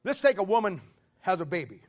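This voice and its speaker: High-voiced folksy preacher man. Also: big pitch swings, brisk. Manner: folksy, emphatic, rising to shouts; jokes with the congregation. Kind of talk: sermon.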